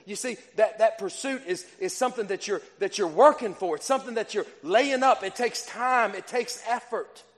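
In a church hall with a long, ringing reverb, a preacher delivers an earnest sermon at a moderate pace with hardly any pauses. His voice is high for a man, and he keeps looping back over phrases and starting sentences again as he works out his point.

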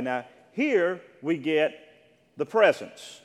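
A man preaching a sermon as pastor, asking the congregation for agreement and rising to loud, emphatic peaks. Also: a little high, lively intonation, normal speed, pauses often, long reverb tail.

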